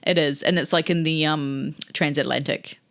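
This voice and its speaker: A woman co-hosting a podcast in quick, playful banter, swearing now and then. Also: sits low, fairly even intonation, fairly bright tone. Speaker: podcast co-host. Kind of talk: casual chat.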